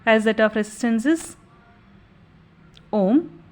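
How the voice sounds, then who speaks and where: A young woman teaches an exam revision lesson, patient and methodical, and recaps each point. Her voice sits slightly high. She often pauses on "so" and "okay" before the next step. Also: darkish tone.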